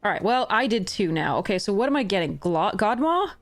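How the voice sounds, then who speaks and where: A woman's voice: mid-range voice, big pitch swings, fairly quick, soft background music. A young adult woman streaming a card game, talking to herself in frustration, swearing and laughing in exasperation. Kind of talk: livestream game commentary.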